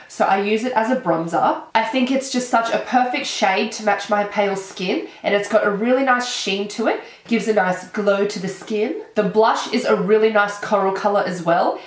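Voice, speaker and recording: Bubbly Australian woman with a cold. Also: mid-range voice. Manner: bubbly, excitable, chatty. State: nasal from a cold. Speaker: beauty vlogger. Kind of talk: casual chat. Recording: echoey room.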